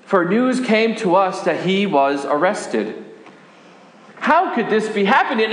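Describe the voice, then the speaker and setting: Grieving devoted Mary, played by a man, high-pitched, slow and halting, tearful, roomy church reverb. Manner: halting, emotional, tearful storytelling. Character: grieving woman disciple Mary, devoted and fearful. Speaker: pastor. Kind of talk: first-person dramatic sermon monologue. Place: church sanctuary. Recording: echoey church hall, long reverb.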